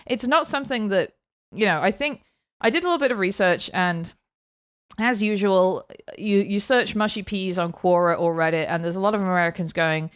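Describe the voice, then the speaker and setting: A British woman co-hosting a podcast, telling stories in casual, animated chat. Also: medium pitch, moderate pace, clean tone, dry recording, clean studio sound. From Britain. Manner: chatty, animated storytelling. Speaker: podcast co-host.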